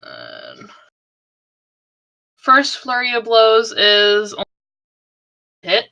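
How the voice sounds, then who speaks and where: A woman playing a tabletop game, talking in a chatty, animated way as a player. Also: on the high side, very slow, creaky, very noisy.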